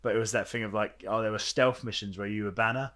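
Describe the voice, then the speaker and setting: A young man co-hosting a casual film podcast, talking in an animated, rambling way with frequent fillers and restarts. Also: on the low side, fast. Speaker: podcast co-host.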